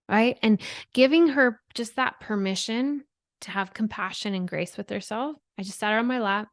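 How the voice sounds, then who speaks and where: A woman in her thirties, appearing as a guest expert on a podcast, explains things earnestly and keeps checking in with "right?". Her voice is medium-pitched and moderately paced. The sound is clean studio audio with no room sound.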